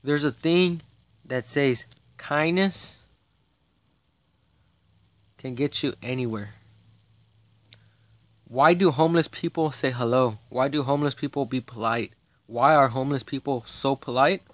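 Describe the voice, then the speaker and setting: A man's voice: mid-range voice, unhurried, pauses often, a bit bright, dry recording. A man talking straight to camera in a rambling, profane monologue, agitated and restarting his sentences often. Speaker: vlogger.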